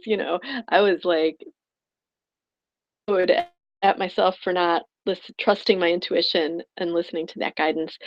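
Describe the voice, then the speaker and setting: A woman's voice: medium pitch, lo-fi sound. A woman coach telling a personal story in an online class, rambling and heartfelt with many restarts. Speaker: spiritual prosperity coach.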